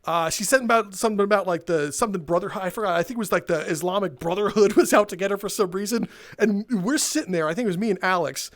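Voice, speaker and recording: Young male host, high voice, animated, laughs and curses while telling the story. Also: fast. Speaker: gaming video host telling a retail story. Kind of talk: casual storytelling over gameplay.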